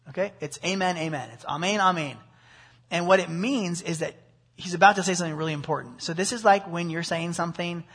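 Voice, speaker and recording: A man's voice: sits high, slightly rough. A man preaching an expository sermon, explaining a passage verse by verse and asking rhetorical questions. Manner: animated, with rhetorical questions and asides.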